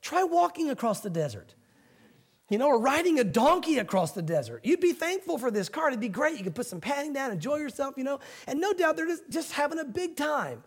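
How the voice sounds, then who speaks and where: A middle-aged man preaching a sermon as a pastor, talking in a relaxed, folksy way. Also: very high-pitched, fairly quick. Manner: conversational, folksy preaching with quoted voices.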